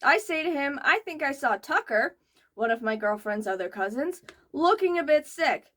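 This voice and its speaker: A young woman hosting a reaction video, reading posts aloud and breaking in with loud, exasperated outbursts. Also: high-pitched, animated, normal speed.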